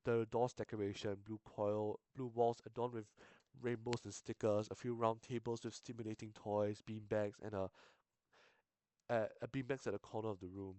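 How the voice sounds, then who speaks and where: A man's voice: lowish voice, little pitch movement, darkish tone, dry recording. A young man reading a visual novel aloud on stream, swearing, stumbling and restarting lines. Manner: sweary, halting, self-interrupting. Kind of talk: casual game reading with asides.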